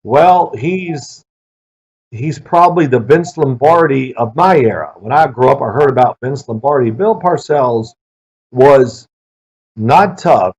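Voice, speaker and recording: A middle-aged man, a former football player, answering interview questions with lively anecdotes. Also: medium pitch, a little slow, slightly rough. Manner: lively storyteller who acts out quoted people. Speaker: interview guest, former pro quarterback. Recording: dull lo-fi sound.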